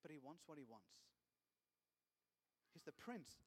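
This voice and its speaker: A man's voice: on the high side, big pitch swings, unhurried, slightly rough, long reverb tail. A man preaching a sermon, retelling a scripture story in his own conversational words.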